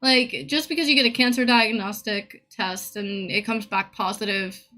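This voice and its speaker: A woman's voice: a little high, animated, moderate pace, hardly any pauses, sharp tone, faint music behind. A woman streamer in a casual live-stream rant, blunt, profane and opinionated.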